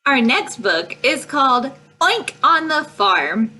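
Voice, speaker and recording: Slow, sing-song breathy storytime woman. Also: high voice, very animated, pushed and bright. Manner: slow, sing-song reading with animal noises. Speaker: children's librarian. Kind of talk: preschool storytime read-aloud.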